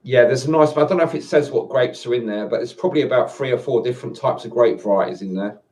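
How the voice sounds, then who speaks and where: Man vlogger, mid pitch, rambling and hesitant, heard from a distance at home. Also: quick pace, a little mellow. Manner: rambling, hesitant, chuckling often. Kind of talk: casual solo live-stream chat. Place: indoors at home. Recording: voice distant from the mic.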